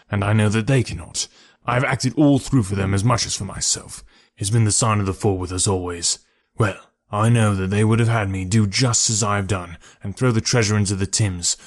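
With raw passion in a low, steady voice, a man voices a defiant, bitter ex-convict of middle age as though reading from a storybook. His voice sounds natural.

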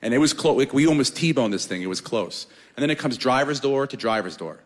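Man, comic storytelling, animated, profane, lively pitch, reverberant room. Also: fairly quick. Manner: animated, profane, self-mocking. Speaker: storyteller on a podcast.

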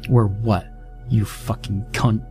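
A hoarse, furious young woman who swears and shouts in defiance, as a man with a low voice reads her out. She sounds raised and loud against the music playing under the horror story. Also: flat delivery, slow. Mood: raging.

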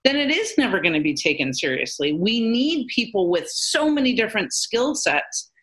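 A woman co-hosting a podcast as a paranormal researcher, speaking earnestly in animated, quick bursts. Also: mid-range voice. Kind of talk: casual podcast discussion.

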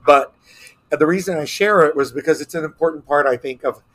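A middle-aged man from Texas, a guest telling animated stories in a casual interview, acting out quotes as he goes. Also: on the high side, brisk. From Texas, United States. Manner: animated anecdotes with acted-out quotes.

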